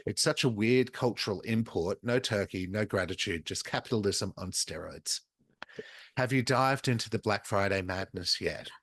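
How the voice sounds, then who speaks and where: An Australian man with a slightly low voice chats playfully as a podcast co-host, dropping casual swear words. The sound is dry and close, with no room around it. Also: moderate pace, fairly bright tone, dry recording. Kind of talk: casual chat.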